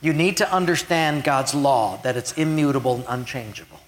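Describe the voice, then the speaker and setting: A man preaching a sermon, retelling a scripture story and swinging between loud emphasis and hushed lines. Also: medium pitch, normal speed, slight background noise. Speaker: pastor.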